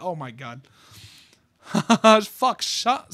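A young man reading a comic aloud and reacting to it in casual commentary, getting excitable and swearing freely. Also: high voice, a little slow, no room sound, studio quality.

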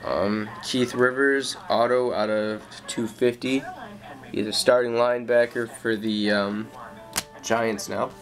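Young man, casual card showcase, slow relaxed delivery, slangy with fillers, faint music underneath. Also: mid-range voice. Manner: laid-back listing with slang and fillers. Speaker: card collector.

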